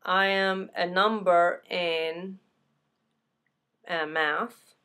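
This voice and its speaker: Slow, patient woman teaching a language. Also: fairly low pitch, steady tone, sharp tone, clean tone. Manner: slow, repeats each word twice; casual, self-correcting. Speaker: Arabic teacher. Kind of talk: beginner language lesson.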